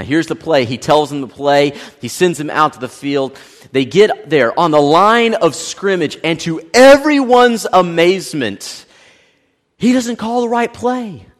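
A man preaching a sermon, telling stories animatedly and swinging between loud and hushed. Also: high voice, long reverb tail. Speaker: pastor. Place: large church sanctuary.

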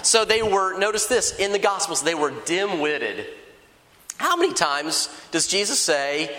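Pastor guy preaching, high bright voice, lots of echo, chatty and animated. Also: moderate pace. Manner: lively, conversational preaching with acted-out dialogue. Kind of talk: sermon. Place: large church hall. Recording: echoey church hall.

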